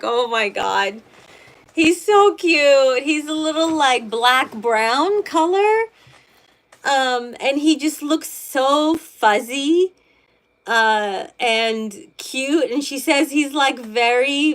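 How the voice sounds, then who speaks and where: A middle-aged woman reading tarot on a livestream and chatting casually with viewers, rambling and gushing with many restarts. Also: on the high side. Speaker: tarot reader, livestream host.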